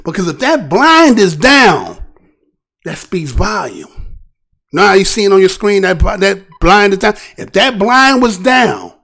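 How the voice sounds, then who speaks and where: A man hosts his own news commentary show, speaking casually and animatedly in a high-pitched, creaky, fairly bright voice. His style is rhetorical: he keeps asking "right?" and often restarts his phrases.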